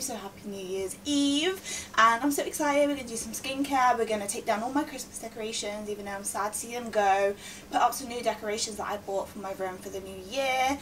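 A 21-year-old woman chatting in a vlog, out of breath and rushing, bubbly and gushing. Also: fairly high pitch, fairly bright tone, far from the mic, a little hiss or hum, poor audio. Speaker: vlogger. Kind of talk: casual vlog chat.

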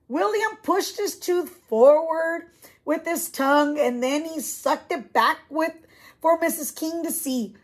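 A woman's voice: extremely high pitch, slow pace. A woman teacher reading a picture book aloud to young children, stopping to ask questions and explain. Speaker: preschool teacher.

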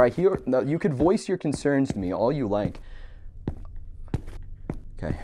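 A man's voice: medium pitch, big pitch swings, measured pace, long pauses, dark tone, a little hiss or hum. A man giving jokey, profane commentary while playing a horror game, nervous and talking to himself. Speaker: gamer.

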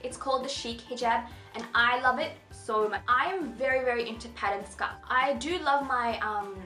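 A woman's voice: fairly high pitch, moderate pace, bright, forceful tone. A young woman chatting casually through a fashion haul, bubbly and gushing as she talks to camera. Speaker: fashion vlogger. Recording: echoey room with faint music.

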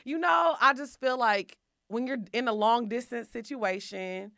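A woman co-hosts a podcast in an animated, slangy chat, laughing often. Her voice sits a little high and rings bright. The recording is close and dry. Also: a little slow, vocal fry, no room sound. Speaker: podcast co-host. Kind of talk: casual chat.

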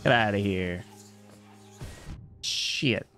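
Streaming a game as a VTuber, a young man jokes and rambles with his chat while he plays. His voice is on the low side with a sharp tone, and he draws out his words over soft background music.

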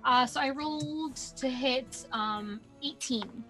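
A high-voiced woman playing a tabletop game. She chats freely, laughs often and corrects herself as she goes. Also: takes it slowly, bright, forceful tone, soft background music. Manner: chatty, laughing, self-correcting. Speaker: player. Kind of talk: casual tabletop game play.

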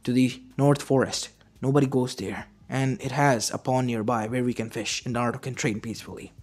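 A man's voice: mid-range voice, steady tone, fairly quick, darkish tone, close to an everyday voice. A man voicing an earnest guilt-ridden scientist. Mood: pleading. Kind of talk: fan story narration. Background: faint lo-fi music.

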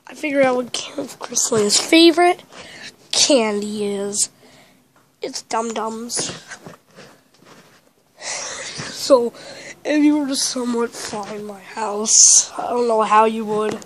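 A woman's voice: on the high side, takes it slowly, pauses often, slight background noise. A woman chatting casually in a vlog, rambling and talking with a stuffy, congested nose from a cold. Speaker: vlogger.

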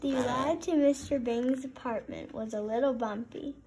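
A woman reading a children's story aloud in a gentle, expressive way. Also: high voice, normal speed, background noise. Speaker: storybook reader.

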